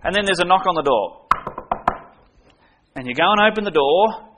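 A man's voice: high-pitched, animated, normal speed, dull audio, background noise. A man preaching a sermon, earnest, making his points with everyday stories and direct questions to the congregation.

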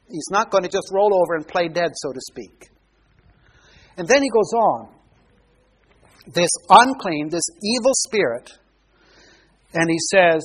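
A man's voice: sits high, breathy edge. A man preaching a Bible sermon, explaining verses and asking his listeners questions. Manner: explanatory, asks the congregation questions. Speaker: pastor.

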